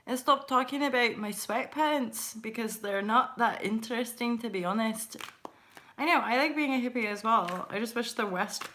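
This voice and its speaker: A woman's voice: on the high side, a little slow, pushed and bright. A woman hosting a casual live stream with tarot readings, rambling and chatty, swearing lightly and laughing often. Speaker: host doing live intuitive tarot readings.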